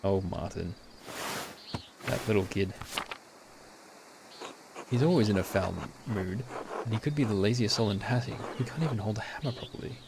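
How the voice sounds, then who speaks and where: A man's voice: fairly low pitch, normal speed, pauses often, noisy background, lightly acted. A man reading as a grumbling gossipy villager. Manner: complaining, judgmental.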